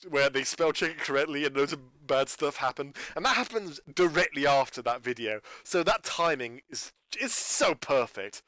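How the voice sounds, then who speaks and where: A man with a bright, forceful voice rambles off the cuff. He often trips over his words and restarts sentences, and he rants in exasperation. The sound is close and dry. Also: medium pitch, no room sound. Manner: stumbling, restarting, exasperated ranting. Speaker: YouTuber reviewing a channel. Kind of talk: unscripted rambling monologue.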